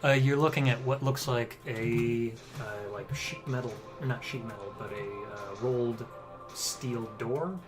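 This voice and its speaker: A man runs a tabletop horror game as game master, describing scenes with a lot of ums and likes and laughing easily. His pitch sits in the middle for a man. Clear music plays behind him throughout. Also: a little slow. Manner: laughs often, describes scenes with hesitant fillers.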